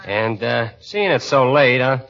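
An actor playing a sly, wheedling ticket scalper who talks in a hushed way. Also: male voice, mid-range voice, expressive, measured pace, creaky. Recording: dull old radio recording.

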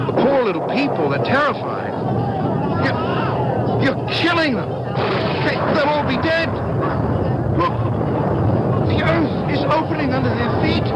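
A man's voice: medium pitch, lo-fi sound, heavy background noise. An actor playing an earnest, timid village boy who stammers and worries aloud. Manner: stammering, anxious, easily upset.

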